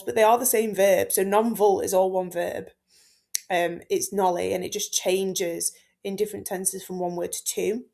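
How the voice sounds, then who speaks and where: A woman's voice: mid-range voice, gravelly, darkish tone. A woman, a Latin teacher talking through a poem line by line for exam students in a chatty, informal way, with lots of fillers. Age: 30s. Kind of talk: exam-focused text explanation.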